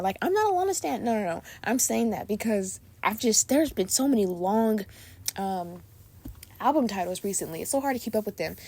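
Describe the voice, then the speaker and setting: A woman's voice: mid-range voice, darkish tone. A young woman hosting her own podcast, chatting casually and gushing in a bubbly way, a little sleepy late at night. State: sleepy and tired. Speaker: podcast host. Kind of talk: casual chat.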